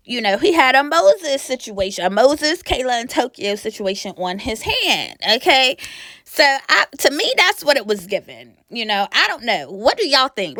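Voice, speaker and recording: Sassy gossiping woman with a lively voice. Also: on the high side, a little slow, no echo, clean studio sound. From Pennsylvania. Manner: sassy, gossipy, laughs often. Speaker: reality show recap host. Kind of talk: casual chatty recap.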